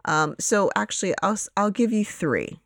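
A woman's voice: medium pitch, animated, moderate pace, gravelly, dry recording. A woman co-hosts a casual film podcast, talking in a loose, rambling way with plenty of fillers. Her voice is groggy from the morning and sits in the middle of the range. The sound is close and dry. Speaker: podcast co-host.

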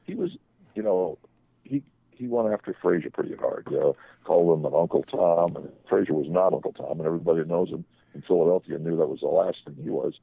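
A man's voice: low-pitched, brisk, creaky, mellow, breathy edge, no echo, rough recording. An older man, a sports agent, telling rambling anecdotes on a radio talk show, often restarting his sentences.

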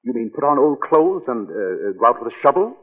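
A charming, evasive young husband with a slightly husky voice that swoops very widely as he teases. He hedges and laughs things off. The sound is a tinny old radio broadcast with a long reverb. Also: medium pitch, sing-song, quick pace. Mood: teasing. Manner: teasing, hesitant with uhs, laughs easily. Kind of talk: 1940s radio acting.

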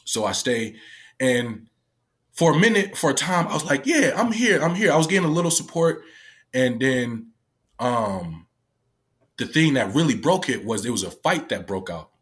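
A man with a voice of middle pitch tells a story from his job working with young people. His talk is loose and casual, full of fillers and swearing. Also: animated, moderate pace. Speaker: youth worker.

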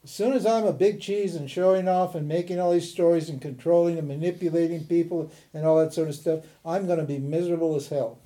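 A man teaching a class as a spiritual teacher in an informal lecture, animated and chatty, laughing often and restarting his sentences. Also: a little high, fairly quick, few pauses.

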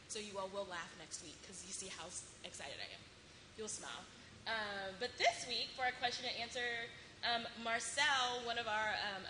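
A woman pastor hosting a question and answer time in church, playful and joking about herself. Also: mid-range voice. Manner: playful, laughing, self-deprecating. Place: church sanctuary. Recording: echoey room with background noise.

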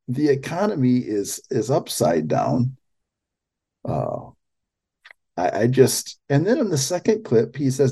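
A man's voice: mid-range voice, huge pitch swings, mellow, husky. A man hosting a political commentary show, talking in an incredulous way and often restarting his sentences. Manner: incredulous, halting with repeated restarts. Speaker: podcast host.

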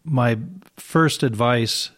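A man's voice: mid-range voice, extremely slow. Man, interview guest, earnest, explanatory, salesman. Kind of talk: casual interview talk.

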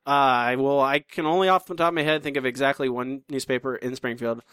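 A man's voice: mid-range voice, fairly bright tone, smooth, dry recording, clean studio sound. A man co-hosting a podcast in casual chat, teasing and self-deprecating as he runs a trivia game. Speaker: podcast co-host.

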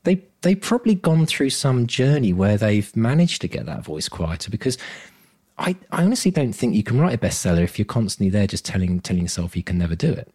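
A man's voice: lowish voice, sing-song, brisk, darkish tone, husky. A man co-hosting a podcast as a coach, talking in an earnest, motivational way and laughing often. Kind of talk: casual chat.

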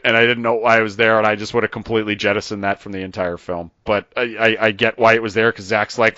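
A man with a bright, forceful voice rants through a casual podcast chat and laughs as he goes. The sound is dry and slightly dull, like a lo-fi home podcast mic. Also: fairly low pitch, fairly quick, few pauses, dry recording. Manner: animated, ranting, laughs often. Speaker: podcast host.

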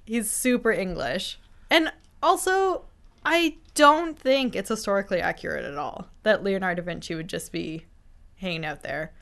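A woman's voice: medium pitch, animated, normal speed, vocal fry, fairly bright tone. A woman who is a guest on a podcast, chatting casually, joking and laughing often. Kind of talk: casual chat.

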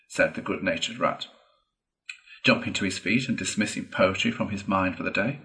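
A man reading a classic children's book aloud in a steady, measured storytelling voice. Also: deep voice, poor audio. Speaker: reader.

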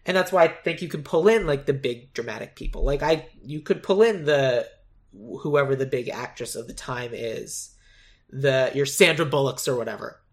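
Low-voiced woman in casual chat. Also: normal speed. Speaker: podcast co-host.

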